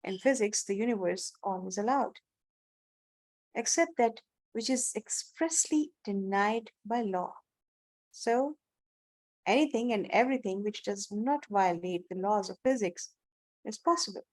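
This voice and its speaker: Woman reading a book aloud, measured. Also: mid-range voice, animated, a little mellow, no room sound, rough recording. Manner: measured, careful reading with brief agreements. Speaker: reader in a book discussion.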